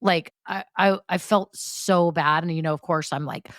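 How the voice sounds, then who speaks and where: A woman's voice: on the low side, fairly even intonation, normal speed, hardly any pauses, no echo. Chatty woman podcaster, dry sound. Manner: chatty, candid, lots of fillers and tag questions. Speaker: podcast host. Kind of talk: solo business podcast talk.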